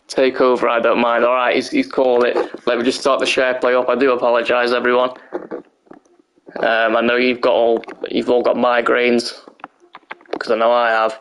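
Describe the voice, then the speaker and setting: On a live stream, a young man calls the action of a wrestling video game, sounding both excited and worn out. His mid-range voice is hoarse, and he laughs and swears a lot.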